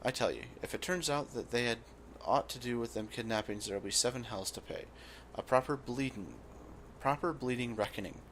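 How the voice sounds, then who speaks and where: Man reading as a gruff old guild boss. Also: medium pitch, fairly quick, a bit bright, slight background noise, lightly acted. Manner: reads in a rough dockside voice, drops it partway. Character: gruff old male guild boss, blustering sailor type.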